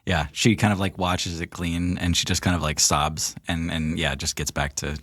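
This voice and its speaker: A man narrating as game master in a relaxed, loose way. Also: low voice, moderate pace, no room sound, clean studio sound.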